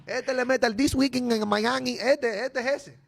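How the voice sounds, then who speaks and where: A man voicing his proud, shouting middle-aged father with a Dominican accent, mixing Spanish and English. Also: very high voice, fairly even intonation, normal speed, creaky, soft background music, pitched above the performer's own voice.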